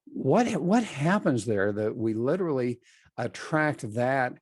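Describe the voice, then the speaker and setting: A man's voice: medium pitch, expressive, measured pace, dry recording, studio quality. A man hosting a podcast interview, asking long, earnest questions with frequent restarts. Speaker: podcast host.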